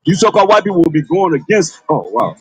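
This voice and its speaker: A man preaches outdoors on a busy street, his voice sitting high and leaping all over the place. He confronts the crowd and calls out to passersby. The sound is dry and close. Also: very animated, fast talker, husky, dry recording, poor audio.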